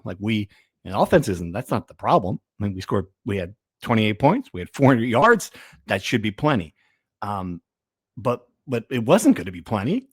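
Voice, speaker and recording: A man's voice: medium pitch, husky, no echo, studio quality. A man hosting a casual sports podcast, rambling and trailing off as he talks. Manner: rambling, self-deprecating, trails off. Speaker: podcast host.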